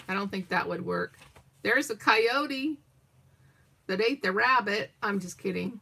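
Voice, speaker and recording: A woman's voice: medium pitch, measured pace, creaky, pushed and bright, husky. An older woman hosting a crafting livestream, chatting in a meandering way while she cuts out pictures and reads a children's story aloud.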